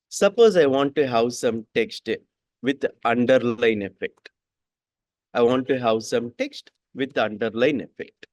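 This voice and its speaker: Man, coding instructor, repeats himself, very slow pace, dry recording. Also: mid-range voice, no room sound. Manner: repeats each sentence twice, slow and deliberate. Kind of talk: classroom coding lesson.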